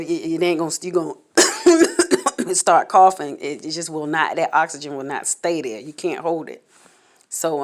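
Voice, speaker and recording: A woman vlogger candidly recounting a personal experience to camera, halting and repeating words as she goes. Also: low-pitched. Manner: candid, halting, repeats words while telling her story.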